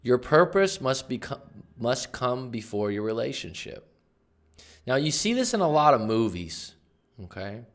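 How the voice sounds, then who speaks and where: A man, a life coach, explaining a book's ideas in casual, emphatic commentary with sudden loud bursts. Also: mid-range voice, sing-song, measured pace.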